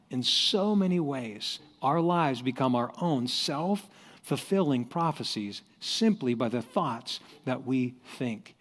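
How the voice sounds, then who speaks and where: A man hosting a motivational talk, telling a story in an animated way and acting out its voices. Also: mid-range voice, takes it slowly, in a large hall. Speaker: host.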